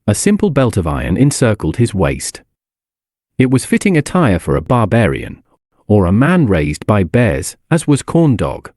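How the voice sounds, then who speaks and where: A man narrating a fantasy audiobook in a wry, expressive storytelling manner. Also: on the low side, normal speed, no room sound, studio quality.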